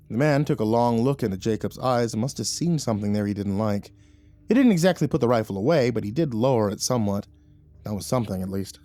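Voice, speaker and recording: A man narrating a scripted horror story in a measured storytelling manner. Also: fairly low pitch, expressive, warm tone, no room sound.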